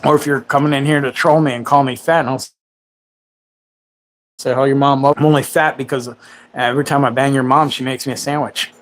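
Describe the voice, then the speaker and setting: A man's voice: mid-range voice, fairly even intonation, a little fast. A man in his forties hosting a livestream. He rambles in casual chat and makes crude, self-mocking jokes. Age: 40s. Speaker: livestream host.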